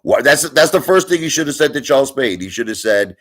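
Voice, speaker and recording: A man's voice: mid-range voice, lively intonation. A man hosting his own channel, ranting at his viewers in a casual way, emphatic and argumentative, often asking "you understand?". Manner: argumentative, speeds up and slows down for emphasis. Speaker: channel host. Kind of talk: casual opinion rant to viewers.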